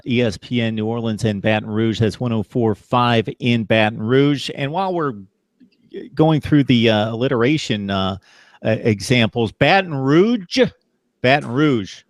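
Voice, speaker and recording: Halting sports show host. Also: male voice, medium pitch, steady tone, no echo, clean studio sound. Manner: hesitant, full of pauses and fillers. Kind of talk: casual sports talk show hosting.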